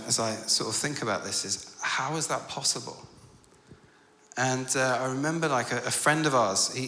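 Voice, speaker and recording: Guy preaching at a conference, earnest then lively in the stories, big echoey hall. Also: mid-range voice. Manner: earnest, turns animated and loud when telling stories. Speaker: conference speaker. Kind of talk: storytelling sermon.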